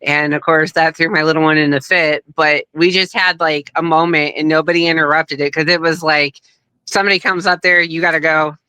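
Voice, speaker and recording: A middle-aged woman telling a story in a casual, animated way, acting out the voices of people she quotes. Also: sits low, fairly quick, clean tone, no room sound, poor audio. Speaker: guest, wrestler's daughter.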